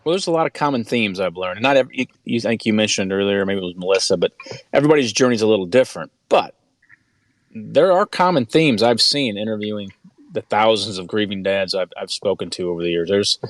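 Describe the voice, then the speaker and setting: A man with a fairly low voice speaks as an interview guest, earnest and conversational. He often restarts and repeats words as he tells his stories. The recording is dry, with almost no room sound. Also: expressive, quick pace, no room sound. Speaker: author and guest.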